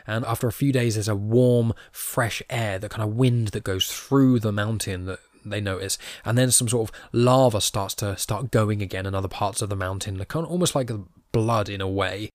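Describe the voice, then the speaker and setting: In a dry recording with no room sound, a podcast host speaks at normal speed in a lowish, slightly mellow voice. He casually works through a comic story, reading the quoted lines in his own voice and poking fun at himself.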